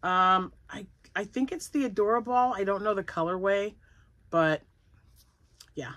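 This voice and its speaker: A woman's voice: mid-range voice, a little slow, fairly bright tone, no room sound. An older woman chatting casually at home about her crochet projects, rambling and laughing often. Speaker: crochet vlogger. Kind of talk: casual chat.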